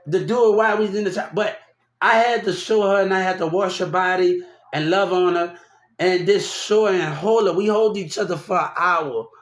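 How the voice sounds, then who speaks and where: Man, high voice, loud rambling storyteller, echoey room, casual vlog. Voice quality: loud, animated, laughs often while talking. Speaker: vlogger telling a personal story.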